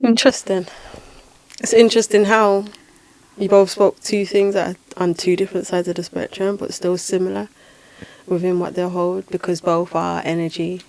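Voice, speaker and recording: A woman hosting a podcast, telling a spiritual experience in a lively, dramatic way with repeated phrases. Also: lowish voice, normal speed, gravelly. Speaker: podcast host and spiritual healer. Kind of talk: casual podcast storytelling.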